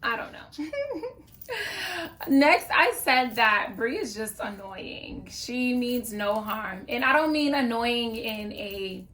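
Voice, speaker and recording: A woman's voice: fairly high pitch, expressive, slow, a bit bright. A woman talking to camera in a casual reaction vlog, chatty and opinionated, with playful asides. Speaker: YouTuber reviewing a reality show.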